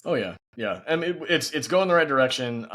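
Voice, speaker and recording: A man's voice: medium pitch, expressive, brisk, fairly bright tone. A man speaking as a guest and company founder in a casual podcast interview, upbeat and peppered with "you know".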